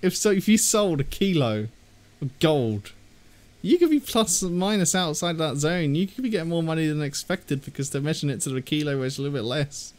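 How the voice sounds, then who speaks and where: A young English man chats loosely over a game stream, rambling through odd trivia with frequent giggles. His voice sits a touch high for a man, and he reads out messages from viewers. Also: animated, a little fast. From England. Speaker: streamer reading chat. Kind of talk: casual gaming chat.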